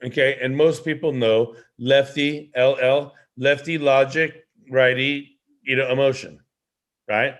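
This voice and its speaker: A man hosting a live online show as a leadership coach, teaching in an animated way with many rhetorical questions over a video call. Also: medium pitch, a little slow.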